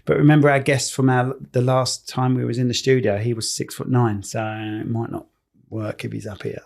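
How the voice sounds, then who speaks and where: A man's voice: medium pitch, little pitch movement, gravelly, a little mellow. A man co-hosting a podcast in a studio, joking and teasing in casual chat. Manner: joking and teasing, quick restarts. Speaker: podcast co-host.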